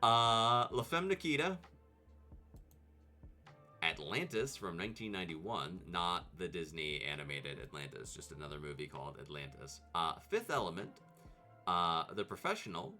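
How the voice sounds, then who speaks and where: A man hosting a casual vtuber video, rambling and animated, laughing and jumping into high mock voices as he talks. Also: normal speed, faint music behind. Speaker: vtuber host.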